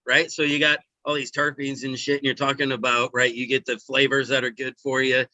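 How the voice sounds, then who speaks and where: Bright, dry-miked male co-host; rambling, profane, casual. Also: medium pitch, flat delivery, fairly quick, dry recording, rough recording. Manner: rambling, profane, says "right?" often. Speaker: podcast co-host. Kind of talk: casual stoner chat. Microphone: remote voice chat.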